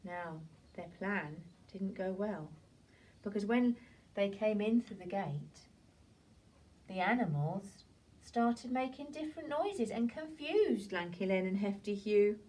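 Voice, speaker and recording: A woman teacher, gently retelling a story to young children in a drawn-out, sing-song way. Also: medium pitch, lively intonation. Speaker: primary school teacher. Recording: voice from a distance off the mic.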